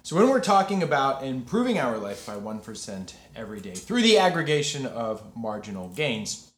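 A man hosting a podcast in casual chat, talkative and quick to laugh. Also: medium pitch, roomy sound. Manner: chatty, laughs easily, lively delivery. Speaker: podcast host.

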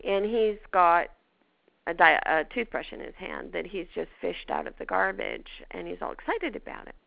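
A woman's voice: on the low side, sing-song, moderate pace, vocal fry, dry recording. A woman with a Canadian accent hosting a show, chatting casually and telling a personal story with laughs. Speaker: podcast host. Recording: dull lo-fi dry sound.

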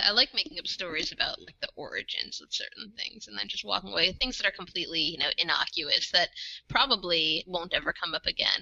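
A woman guest in a casual podcast chat, easygoing and quick to laugh. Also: lowish voice, gravelly, bright, forceful tone, no room sound. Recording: dull lo-fi recording.

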